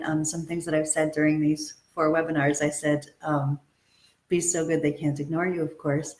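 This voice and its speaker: A woman's voice: deep voice, roomy sound. A woman acting and modeling coach giving an upbeat, motivational webinar talk, stressing and repeating her key points.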